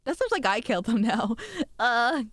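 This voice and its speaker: Excitable young woman streamer, dry mic. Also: fairly high pitch, normal speed, no echo. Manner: excitable, swears often, self-mocking. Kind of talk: casual stream chat.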